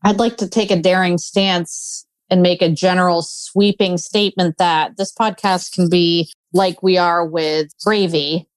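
Animated woman co-host, dry call audio, casual banter. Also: on the low side, measured pace, hardly any pauses, dry recording. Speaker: podcast co-host. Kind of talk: casual chat.

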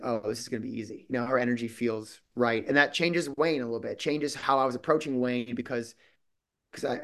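A man's voice: mid-range voice, fairly bright tone. A man from Minnesota, a guest actor talking casually in an interview, rambling with many restarts and quoted asides.

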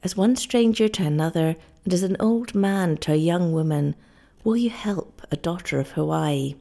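A desperate young island wife, read by a woman in a storybook reading, pleading breathlessly. Her voice sits low and gravelly with a mellow tone. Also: normal speed. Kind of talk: audiobook reading.

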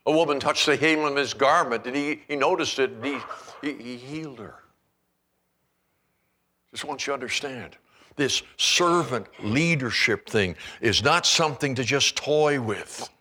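A man pastor preaching a sermon in an animated storytelling manner, acting out scenes as he goes. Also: mid-range voice, a little slow, slight background noise.

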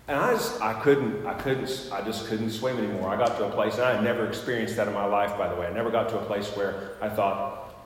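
A man's voice: on the low side, steady tone, fast talker, slight background noise. A man, a pastor, telling a personal story in a sermon, conversational and full of fillers and restarts. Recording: echoey church hall with long reverb.

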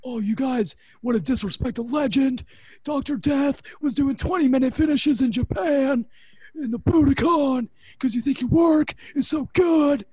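Man impersonating a furious boss, shouting, high-pitched, dry close sound. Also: moderate pace, no echo. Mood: yelling. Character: furious male wrestling boss yelling at wrestlers.

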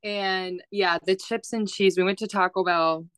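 A woman's voice: medium pitch, fairly even intonation, unhurried, fairly bright tone, clean tone, no echo, clean studio sound. A young woman co-hosting a casual podcast, laughing often and swearing as she chats. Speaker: podcast co-host. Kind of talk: casual chat.

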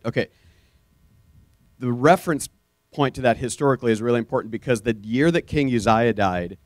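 A man's voice: mid-range voice, no room sound. Earnest man preaching a sermon, dry sound. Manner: earnest, animated storytelling with sudden bursts of energy. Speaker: pastor.

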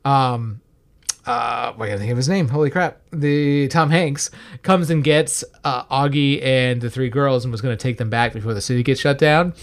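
A man's voice: medium pitch, moderate pace. A man co-hosting a movie review podcast, talking casually, rambling with lots of uh and um and casual swearing. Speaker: podcast co-host.

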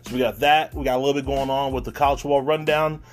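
A man's voice: mid-range voice, fairly even intonation, fast talker. A man giving a podcast's intro, running through the upcoming segments. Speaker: podcast host. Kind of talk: scripted show intro.

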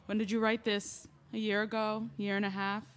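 A woman's voice: mid-range voice, level tone, moderate pace, natural voice. A woman playing a grieving young woman who tells her story in earnest, confessional letters, in an audio drama reading. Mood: reflective. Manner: earnest, confessional, rising to yelling. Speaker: narrator and lead.

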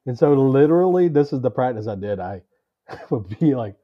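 A man talks as a podcast guest, telling a story about himself in a casual, animated way. He acts out what people said and swears freely. His voice sits at a middle pitch, and the recording is a little dull and lo-fi. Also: moderate pace.

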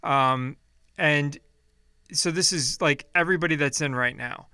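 A man's voice: fairly high pitch, a little slow, sharp tone, clear, resonant tone, no room sound, studio quality. A man giving a casual, blunt commentary, reading down a list and swearing freely in his asides. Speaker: political commentator.

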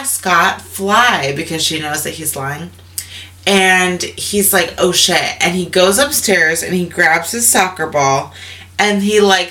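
A woman casually retelling a story, chatty with lots of fillers and animated quotes. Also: fairly low pitch.

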